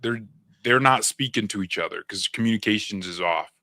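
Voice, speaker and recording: A man's voice: fairly low pitch, fairly quick, sharp tone, no room sound. A man co-hosting a live stream, chatting casually about breaking news with slang and frequent laughs. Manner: joking, laughs often, slangy.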